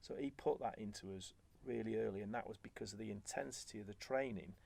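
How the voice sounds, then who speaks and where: A former footballer as a guest, telling stories in relaxed chat and acting out what was said. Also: male voice, fairly low pitch, fast talker, vocal fry. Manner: animated, acts out quoted remarks. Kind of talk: conversational storytelling.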